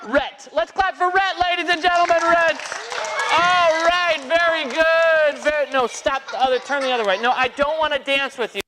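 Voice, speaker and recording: A man's voice: very high-pitched, moderate pace, over a noisy crowd, very noisy. A man performing as a children's magician, playfully joking with and rousing a live audience of kids. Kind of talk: live kids' magic show patter.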